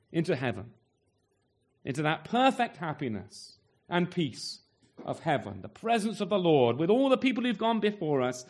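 A man delivering a sermon in an earnest, pleading way, his voice sitting a little high for a man. He poses question after question to his listeners, swinging between soft and strong. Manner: earnest, rhetorical questions, wide swings in pitch and loudness. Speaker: preacher.

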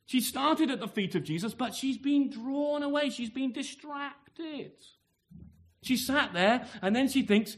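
A man's voice: extremely high pitch, animated, measured pace. A man preaching a sermon in a conversational way, asking tag questions and acting out the scene. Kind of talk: expository sermon.

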